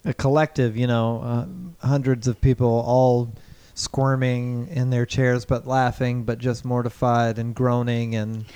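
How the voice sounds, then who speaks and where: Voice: medium pitch, flat delivery, unhurried, hardly any pauses, warm tone, clean tone. A podcast host in casual chat, teasing his co-hosts with questions.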